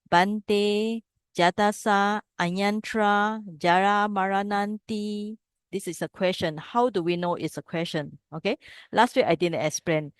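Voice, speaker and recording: A woman's voice: lowish voice, no room sound, clean studio sound. A woman teaching a class on reading old scripture. She explains step by step and keeps checking with the students. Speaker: Pali teacher. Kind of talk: classroom text study lesson.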